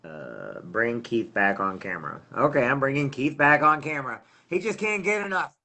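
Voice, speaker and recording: A man's voice: medium pitch, big pitch swings, moderate pace, pushed and bright. Rambling man hosting a casual livestream. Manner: rambling, loses his train of thought. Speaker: livestream host.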